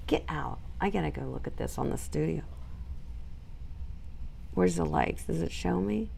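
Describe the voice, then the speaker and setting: A woman dog groomer hosting a casual live stream, chatting and reading out viewer comments in an animated, laughing way. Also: deep voice, unhurried, vocal fry, pauses often, breathy edge.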